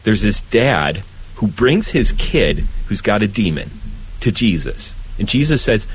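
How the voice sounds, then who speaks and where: Low husky priest guy talking faith, earnest, lots of restarts. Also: big pitch swings, low-quality recording. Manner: earnest, warm-hearted, pausing and restarting often. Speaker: Catholic priest. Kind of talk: faith conversation.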